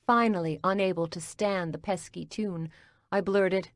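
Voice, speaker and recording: A woman reading a cozy mystery audiobook as narrator, in a calm, even storytelling manner. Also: on the low side, measured pace, dry recording, studio quality.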